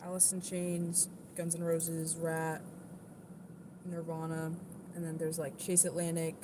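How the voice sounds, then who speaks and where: A young woman from the southern US chats casually on a live stream, blunt and defensive, saying "like" a lot. Her voice is deep and completely flat, at a measured pace, with background noise.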